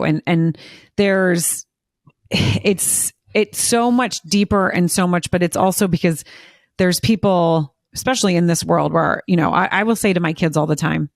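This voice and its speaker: A woman's voice: fairly low pitch, moderate pace, gravelly, no room sound, clean studio sound. A woman hosting a podcast, talking earnestly in casual conversation and repeating phrases for emphasis. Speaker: podcast host.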